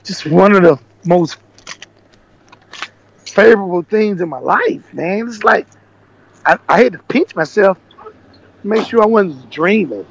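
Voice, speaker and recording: A man's voice: sits high, expressive, a little slow, gravelly, long pauses, lo-fi sound, a little hiss or hum. A man from Nashville, a podcast guest telling his story animatedly in casual conversation, acting out the dialogue he quotes. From Nashville, USA. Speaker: podcast guest, former cooking show contestant.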